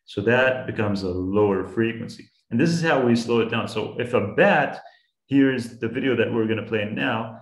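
A man's voice: medium pitch, normal speed, reverberant, rough recording. A man teaching young students about sound, patiently building simple examples with frequent restarts. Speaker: science educator.

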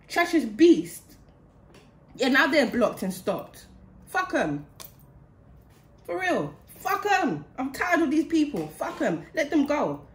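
A woman giving a channeled spiritual reading in an indignant, heated way, repeating phrases for emphasis. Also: high-pitched. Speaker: spiritual card reader. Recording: roomy echo.

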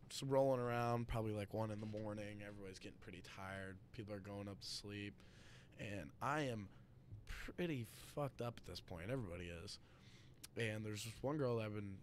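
A man's voice: on the low side, slight background noise. A man in his twenties, a podcast guest, telling a story in casual chat with frequent laughs and swearing.

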